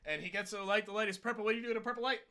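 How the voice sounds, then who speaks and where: A man on a stream telling a long, rambling joke in an animated, playful way, correcting himself as he goes. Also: sits high. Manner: animated, repetitive, playful, with quick self-corrections. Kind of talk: rambling shaggy-dog joke storytelling.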